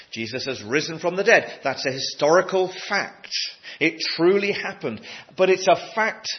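A man delivers a sermon with earnest emphasis, stumbling and restarting now and then. His voice sits a little high for a man. The recording is dull and lo-fi. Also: slightly rough. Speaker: preacher.

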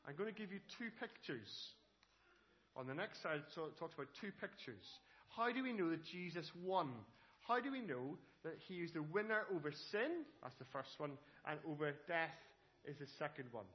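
A man's voice: a little high, moderate pace, lo-fi sound. A man leading a playful children's talk in a church service, asking the children lots of questions. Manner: lively and playful, addressing children directly with frequent questions. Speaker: preacher giving a children's talk.

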